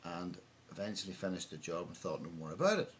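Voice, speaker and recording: A Northern Irish man voicing a cheeky old rural storyteller in a raised, excited way. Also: deep voice, quick pace, slight background noise. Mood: boastful yarning.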